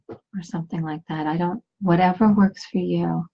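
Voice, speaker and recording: A woman pastor leading a slow, soothing guided meditation within a sermon. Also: on the low side, expressive, creaky, highs cut off. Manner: slow, soothing, with long pauses.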